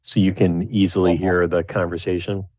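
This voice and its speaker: A man's voice: low voice, little pitch movement, moderate pace, darkish tone, no room sound. A man acting as game master, narrating a tabletop game in a rambling way with many restarts. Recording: dull lo-fi recording, dry.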